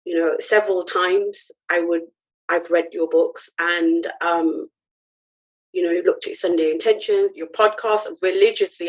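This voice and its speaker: A woman with a somewhat low voice speaks as a podcast guest. She tells her own story earnestly and from the heart, pausing on ums and restarting her sentences. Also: rough recording. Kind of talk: personal story in an interview.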